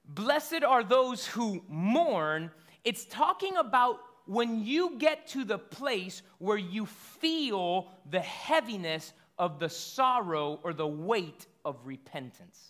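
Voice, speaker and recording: Very animated, a pastor preaches in a high, bright voice with a conversational feel. Rhetorical questions and quick, stumbling restarts punctuate his effort to get his point across.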